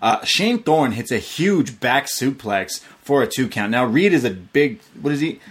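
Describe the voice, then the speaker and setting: A man co-hosting a wrestling podcast, excitably recapping matches play by play in casual slang. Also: medium pitch, a little slow, breathy edge. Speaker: podcast co-host.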